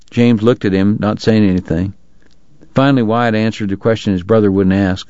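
A man reading an audiobook with wry, measured storytelling. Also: fairly low pitch, darkish tone, no echo, lo-fi sound. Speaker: audiobook narrator. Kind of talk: scripted narration.

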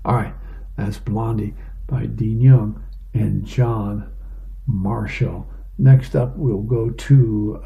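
A man's voice: on the low side, fairly even intonation, slow pace, vocal fry, muffled recording. A man casually reading an advice column and newspaper comics aloud, describing each panel with small fillers.

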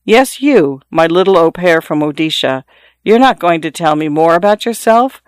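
A man's voice: a little high, animated, moderate pace, clear, resonant tone, no echo, clean studio sound, natural voice. A man voicing an older husband who teases and presses with questions. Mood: probing. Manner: coaxing, questioning. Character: older husband, teasing, probing.

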